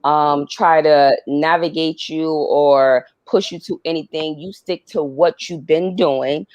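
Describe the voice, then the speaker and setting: A woman's voice: deep voice, steady tone, slow, darkish tone, no room sound, lo-fi sound. A woman calling in to a live stream, speaking in an earnest, supportive way. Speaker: caller. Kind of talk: call-in comment on a live stream.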